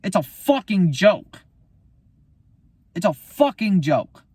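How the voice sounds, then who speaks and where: A man's voice: high voice, very animated, slow pace, a little mellow, husky, dry recording. A man, a musician, talking about his album in a casual, profane, heated rant. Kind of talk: casual unscripted monologue.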